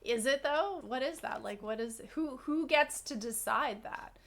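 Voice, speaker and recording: Woman podcast co-host, fairly high voice, casual reflective chat, storytelling. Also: a little slow, vocal fry. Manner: storytelling, reflective, animated asides.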